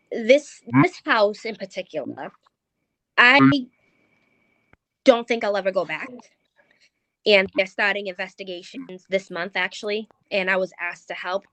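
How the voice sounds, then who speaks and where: Woman guest, paranormal investigator, halting ghost story full of ums, dry close sound. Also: mid-range voice, a bit bright, no room sound. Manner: hesitant, many ums and restarts. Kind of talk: recounting a ghost story in conversation.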